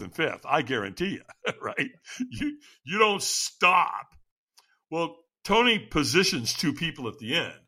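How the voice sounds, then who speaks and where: A man's voice: a little high, bright, forceful tone. A middle-aged man telling a story as a podcast guest, dramatic, acting out quoted lines with big jumps in his voice. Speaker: podcast guest, firewalk instructor. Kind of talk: animated storytelling.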